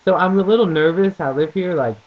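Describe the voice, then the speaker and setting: A man's voice: high voice, fairly quick. A young man with a mild Southern accent, chatting casually and jokingly in a vlog, in a dull lo-fi recording. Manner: rambling, joking, a bit crude.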